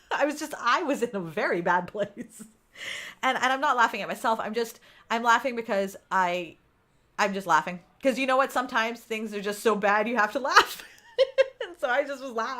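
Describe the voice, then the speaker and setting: A woman in her thirties chats casually with viewers on a live stream. She is animated and laughs often. She acts out her own thoughts in quoted bits. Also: mid-range voice. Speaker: livestream host.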